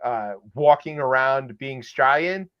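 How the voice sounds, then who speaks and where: On a dull, lo-fi recording, a male podcast co-host chats casually about the news for comedic effect, rambling, sarcastic, and full of fillers. His voice sits at medium pitch, clear and resonant, delivered at a measured pace.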